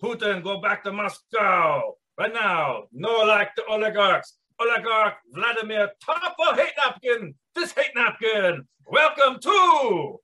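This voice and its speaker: A man doing a loud mock-Russian host with a high, piercing voice and a thick fake accent that keeps drifting toward French. He barks his announcements in broken English, all bluster and showmanship. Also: big pitch swings, unhurried, full character voice. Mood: bombastic. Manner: shouty, bombastic announcing. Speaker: podcast host.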